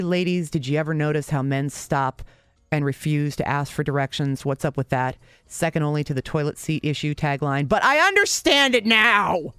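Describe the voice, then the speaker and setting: Telling a story from her own life, a woman pokes fun at herself in a dry, sarcastic way, her pitch leaping abruptly for emphasis. Her tone is on the dark side, and there's no echo.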